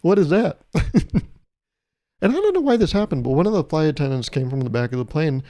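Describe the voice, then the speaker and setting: A man's voice: a little high, big pitch swings, brisk, mellow, dry recording. A young man hosting his podcast, telling a travel story in a casual, comedic way with exasperated, swearing rants. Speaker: podcast host.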